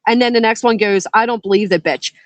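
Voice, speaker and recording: A woman's voice: fairly high pitch, quick pace. A woman in casual group chat, blunt and fed up, cursing as she makes her point. The sound is dry with no room echo. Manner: blunt and exasperated, swears freely.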